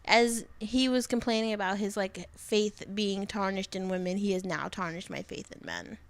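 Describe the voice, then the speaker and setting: A young woman with a New Jersey accent, co-hosting a podcast in casual chat, blunt and animated, swearing freely. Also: medium pitch, moderate pace. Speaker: podcast co-host.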